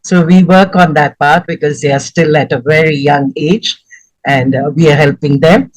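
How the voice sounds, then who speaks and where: A man's voice: on the high side, fairly even intonation, moderate pace, dry recording, rough recording. Effusive man giving formal praise. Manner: effusive, elaborate formal wording. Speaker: session participant giving feedback. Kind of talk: formal spoken review.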